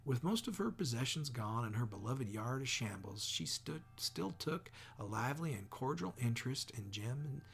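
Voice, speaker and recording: Gravelly man reading a novel aloud. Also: medium pitch, expressive, moderate pace, few pauses. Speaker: audiobook reader. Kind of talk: scripted narration.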